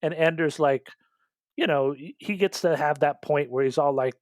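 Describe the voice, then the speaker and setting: A man hosting a casual movie-critique podcast, recapping in a halting, mocking way with lots of fillers and restarts. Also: fairly high pitch, dry recording. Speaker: podcast host.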